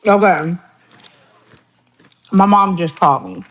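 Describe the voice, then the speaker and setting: A woman with a medium-pitched voice speaks a little slowly, leaving long pauses. She hosts a casual livestream while cooking, chatting and telling family stories, laughing often and mimicking her relatives.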